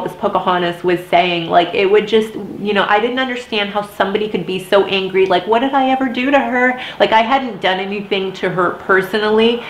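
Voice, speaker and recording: Young woman, casual storytime, frank and emotional, roomy echo. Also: medium pitch. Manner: candid, emotional, heavy use of "like". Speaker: vlogger.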